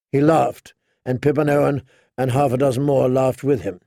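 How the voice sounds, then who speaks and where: A man narrating an audiobook in a measured, dramatic storytelling manner on a close studio mic. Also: mid-range voice, fairly even intonation, vocal fry, dark tone, no room sound. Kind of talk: scripted narration.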